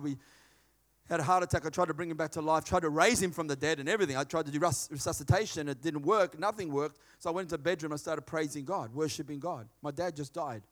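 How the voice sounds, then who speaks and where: High-voiced preacher, animated. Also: male voice. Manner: animated storytelling, acts out dialogue in a hushed voice. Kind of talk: sermon.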